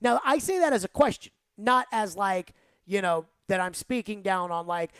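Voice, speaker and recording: A woman's voice: mid-range voice, expressive, moderate pace, clean tone, no echo. A woman hosting sports talk radio, giving rambling, emphatic opinions and saying "like" a lot.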